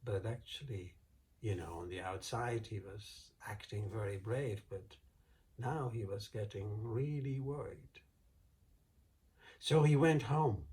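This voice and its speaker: Slow, relaxed male storyteller. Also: lowish voice. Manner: relaxed, with fillers and restarts. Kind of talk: folk tale storytelling.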